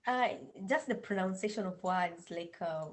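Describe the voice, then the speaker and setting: A woman with a Kenyan accent talks in a casual interview over a video call. Her voice sits fairly low, and she speaks hesitantly with frequent fillers and restarts. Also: moderate pace, rough recording. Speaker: guest language teaching assistant.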